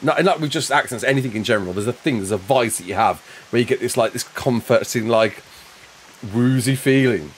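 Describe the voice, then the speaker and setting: A young man chatting casually with viewers while playing a game live, quick to laugh and often restarting his sentences. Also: mid-range voice, a little hiss or hum. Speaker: live streamer.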